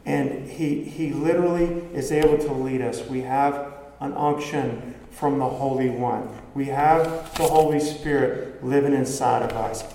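A man's voice: medium pitch, steady tone, measured pace, creaky, mellow, a little hiss or hum. A man preaching a sermon in a conversational way, asking his congregation rhetorical questions. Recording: echoey hall with long reverb, faint ambience.

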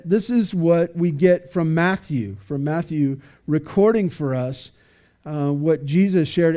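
Male pastor, sermon, slightly high pitch, warm mellow tone, conversational, hesitant fillers. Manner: conversational, halting with many fillers and restarts. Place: church.

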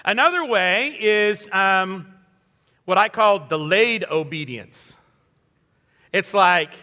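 A man in his fifties preaches a sermon as a guest pastor, with a high, bright and forceful voice. He talks in a conversational, self-deprecating way, with fillers. His voice rings with the long reverb of a church hall. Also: animated, slow pace. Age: 50s.

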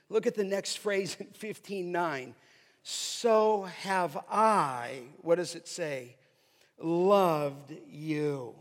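A man preaching an expository sermon, emphatic, slowing down to stress key phrases as he reads scripture. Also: high-pitched. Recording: long hall reverb.

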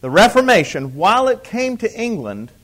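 A man's voice: high-pitched, sing-song, normal speed. A man teaching church history to a live class. He repeats key points for emphasis, asks the room questions and throws in dry teasing asides.

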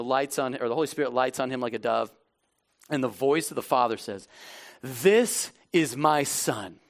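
A man preaching a sermon in a church, impassioned, swinging between loud emphatic lines and low, intimate asides. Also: gravelly. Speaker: pastor.

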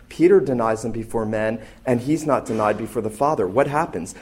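A man's voice: medium pitch, brisk, hardly any pauses, a little mellow, breathy edge. A man preaching a sermon as a pastor, earnest and emphatic, leaning into key phrases.

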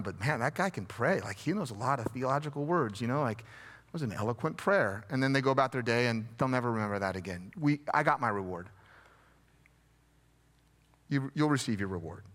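Male pastor, sermon delivery: slightly high and bright, easygoing, gently pokes fun at himself. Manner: conversational, repeats key phrases for emphasis; self-deprecating, gently humorous.

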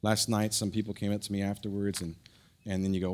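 During a sermon, a male pastor recounts a story with animated energy before softening and lowering his voice to press a point, with fast stumbles and restarts.

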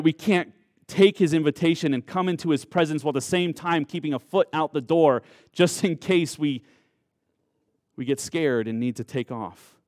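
A man preaching a sermon in an earnest way, drawing out key words in slow, emphatic phrases. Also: a little high, a little mellow, no echo, studio quality. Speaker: pastor.

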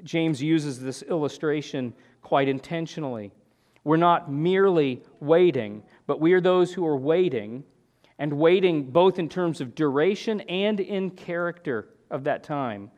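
A man's voice: on the high side, a little slow, darkish tone, highs cut off. Earnest man preaching a sermon. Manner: earnest, with rhetorical "right?" and frequent restarts. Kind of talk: expository sermon.

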